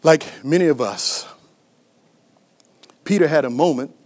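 A pastor with a high-pitched male voice preaches to his congregation. He swings from fervent, shouted lines to near-whispers, often asking the crowd to stay with him. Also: a little slow. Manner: passionate preaching with sudden shouts and hushed whispers; calls out to the congregation. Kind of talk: sermon.

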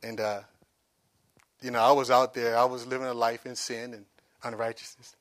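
A man's voice: medium pitch, little pitch movement, moderate pace, a bit bright. A man in his forties preaching a sermon, emphatic, repeating phrases and asking the congregation to answer back. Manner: emphatic preaching with repetition and call-and-response questions. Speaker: pastor.

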